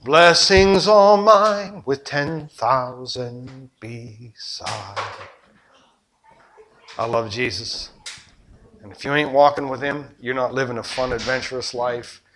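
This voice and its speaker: An older man preaching a sermon as a pastor, with rhetorical questions and passion that surges loud and then drops low. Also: fairly even intonation, slow pace, background noise. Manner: impassioned preaching, rhetorical questions, surging and dropping loudness.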